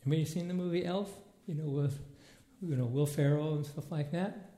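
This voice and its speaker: A man teaching a Bible lesson in a church hall in a loose, lively way, acting out scenes in different voices. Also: on the high side, brisk. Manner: animated, acts out movie scenes in voices. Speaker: preacher. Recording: echoey room.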